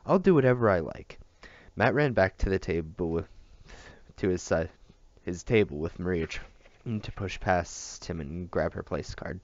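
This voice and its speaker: Brief: a male audiobook reader, low gravelly voice, dry and muffled recording. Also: unhurried. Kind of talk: reading a novel aloud.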